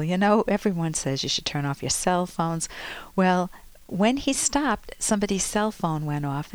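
A woman hosting a radio advice show, talking through stories and advice in a chatty, expressive way with sudden upbeat rises. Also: on the low side, dry recording. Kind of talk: radio call-in advice monologue. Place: radio studio.

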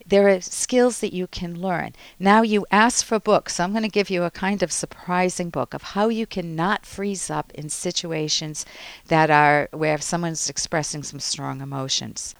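Lower-voiced woman psychologist giving radio advice. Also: normal speed, dry recording. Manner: calm explanatory coaching, acts out little example quotes. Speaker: radio show host, clinical psychologist. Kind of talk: advice call-in radio talk.

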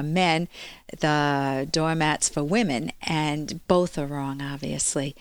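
A woman's voice: low-pitched, clean tone, dry recording. A woman clinical psychologist hosting a call-in radio advice show, talking to listeners in an earnest, explanatory way.

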